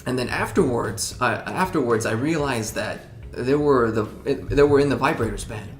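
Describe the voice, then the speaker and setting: Rambling rock musician guest, roomy sound. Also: male voice, medium pitch, expressive, soft background music. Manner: rambling, halting, many restarts and fillers. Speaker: rock band member, interview guest. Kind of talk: casual interview chat.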